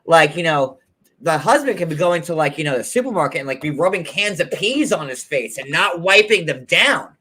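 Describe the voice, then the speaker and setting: Male host dishing gossip, animated and campy, voice on the higher side. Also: brisk, breathy edge. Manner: animated, camp, theatrical storytelling. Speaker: show host. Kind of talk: casual gossip chat.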